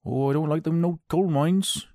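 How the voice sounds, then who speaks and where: A man's voice: on the high side, moderate pace, dark tone, no room sound, studio quality, pitched above the performer's own voice, lightly acted. A man voicing a fussy small-town local who complains in a folksy, gossipy way. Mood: grumbling.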